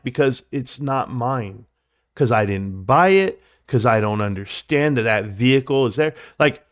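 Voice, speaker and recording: A livestream host tells a long, rambling story in a very animated voice, his pitch jumping up whenever he acts out what someone said. Between those bursts he slips into quiet, low asides, and the sound is close and dry with no room echo.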